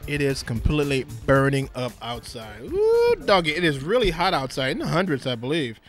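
A middle-aged man hosting a radio talk show in a studio, exuberant and playful, breaking into booming shouts. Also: brisk, over music. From Southern California.

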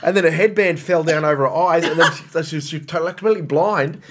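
A man hosting a podcast in casual chat, telling stories in an animated way with quick restarts. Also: fairly high pitch, heavy background noise. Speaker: podcast host.

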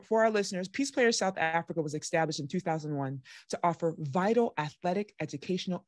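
A woman's voice: low voice, a little mellow, no echo, clean studio sound. A woman hosting a podcast, upbeat and chatty, sometimes reading prepared lines. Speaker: podcast host. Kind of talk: casual interview chat.

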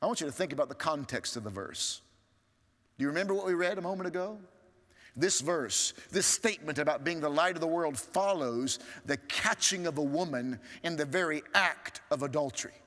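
A male pastor preaching a sermon, swinging from strong rising appeals to hushed, low asides. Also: animated, fairly quick. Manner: preaching with sweeping rises and hushed drops. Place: large church sanctuary. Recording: church hall reverb.

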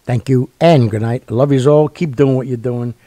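A man's voice: mid-range voice, fairly even intonation, moderate pace, dark tone, no echo. A man hosting a radio show, chatting casually in a rambling, joking way. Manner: rambling and jokey, full of fillers and asides. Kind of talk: casual sign-off chat.

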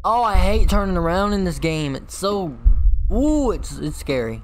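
Guy cursing through a horror game, gets loud and jumpy, really lively up and down voice. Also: high-pitched, normal speed, soft background music. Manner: swears constantly, jumpy and loud when scared. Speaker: gaming video host.

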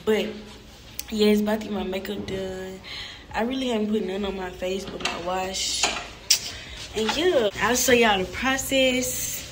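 A young woman vlogging in casual chat, talking fast and repeating herself as she gets excited. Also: medium pitch, very noisy. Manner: chatty, repeats phrases, excitable. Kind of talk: casual selfie vlog chat.

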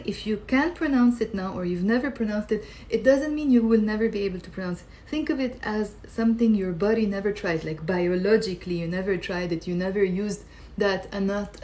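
An Arabic teacher gives a live online pronunciation lesson, her mid-range voice carrying a darkish tone. She slowly repeats each sound so viewers can copy it, and she keeps asking them questions and waiting for answers.

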